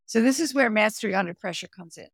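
A middle-aged woman, a performance coach and therapist, explaining her method in a podcast interview, with lively, hands-on explanations. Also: mid-range voice, fast, slightly rough, no echo, clean studio sound. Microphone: remote audio, no camera.

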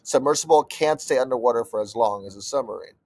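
A man's voice: medium pitch, fast talker, darkish tone. A young man co-hosts a casual podcast in an ordinary middle voice. He reads out facts, then slides into cursing, exasperated rants. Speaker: podcast co-host. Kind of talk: casual chat.

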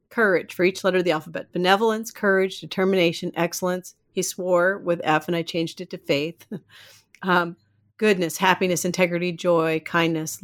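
Woman guest, low voice, animated and rambling storyteller. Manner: animated, rambling, laughs often. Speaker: podcast guest. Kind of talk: storytelling in casual interview.

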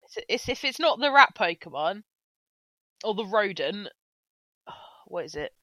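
A woman's voice: medium pitch, very animated, measured pace, pushed and bright, no room sound, poor audio. A woman co-hosting a podcast in casual comedic chat, exaggerated and exasperated in her jokes. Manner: exaggerated, exasperated and jokey, with frequent laughter. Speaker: podcast co-host.

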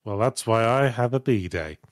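A man's voice: fairly low pitch, animated, moderate pace, no room sound. Dry, sardonic man. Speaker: podcast host reading superchats. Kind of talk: casual chat.

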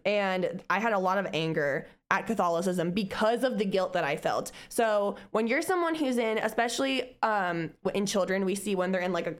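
A young woman co-hosting a podcast, speaking candidly in casual chat, swearing freely and acting out her past self with laughs. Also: mid-range voice. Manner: candid and profane, laughs between remarks; lively, acts out her past self in quotes. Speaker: podcast co-host.

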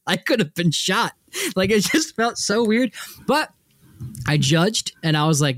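A young man co-hosting a podcast, telling stories in a casual, animated way with lots of laughter. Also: measured pace, long pauses, no room sound, clean studio sound. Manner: animated, laughing, frequent likes and jumpy pitch. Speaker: podcast co-host. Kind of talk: casual storytelling chat.

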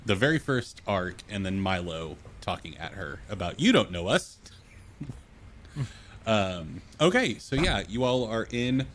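A man narrating as game master in a tabletop game, relaxed and quick to laugh. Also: lowish voice, a little hiss or hum.

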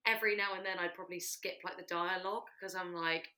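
A woman's voice: fairly low pitch, steady tone, fast talker, sharp tone. A woman co-hosting a casual podcast, giggly and a little hesitant. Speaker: podcast co-host. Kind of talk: casual chat.

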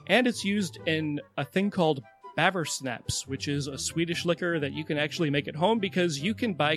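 A man hosting a podcast, explaining animal facts with enthusiasm. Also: fairly high pitch. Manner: enthusiastic explainer, reads credits. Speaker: podcast host. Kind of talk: casual chat.

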